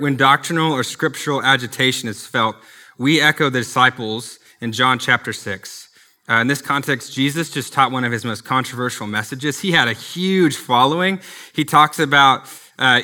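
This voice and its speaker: A man's voice: medium pitch, moderate pace, sharp tone. A man preaching a sermon as a pastor, earnest and conversational, with personal asides.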